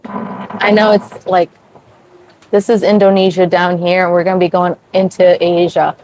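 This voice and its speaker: A young woman hosting a casual livestream from her sailboat at sea, chatty, full of "like" fillers and quick laughs. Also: fairly low pitch, level tone, darkish tone, rough recording. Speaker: sailing livestream host. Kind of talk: casual livestream chat with viewers.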